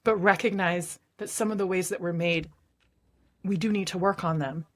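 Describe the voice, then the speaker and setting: A woman's voice: lowish voice, steady tone, normal speed, fairly bright tone. A woman co-hosting a casual podcast, talking in an earnest, encouraging way with frequent laughter. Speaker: podcast co-host. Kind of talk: casual chat.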